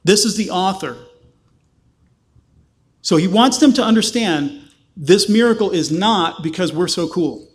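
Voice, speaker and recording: Impassioned male preacher, fairly high voice. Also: lively intonation, measured pace, long pauses. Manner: impassioned, acts out quoted voices, rhetorical questions. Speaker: pastor. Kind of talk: sermon.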